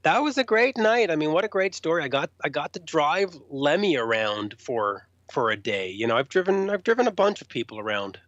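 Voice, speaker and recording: A man tells backstage stories in an interview, acting out what people said with jumps in pitch. His voice sits a little high. The recording is dry and dull, with a lo-fi edge. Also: a little fast, hardly any pauses, no echo. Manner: animated, acts out quotes in a raised voice. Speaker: rock journalist guest. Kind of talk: storytelling interview. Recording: dull, lo-fi sound.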